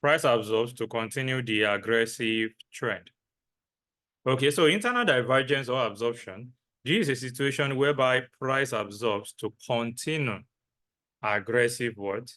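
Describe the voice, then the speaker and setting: Male trading teacher, slow and deliberate, bright voice, asks and answers his own questions. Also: medium pitch. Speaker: trading instructor. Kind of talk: lecture with repetition.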